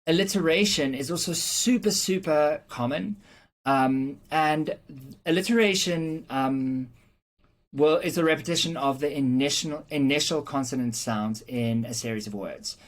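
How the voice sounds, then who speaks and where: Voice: medium pitch, measured pace. A teacher giving an explanatory lesson on rhetorical devices, patiently working through examples and checking in with "okay?" along the way, with frequent "um" fillers. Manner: frequent "um" fillers and small restarts. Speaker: English teacher.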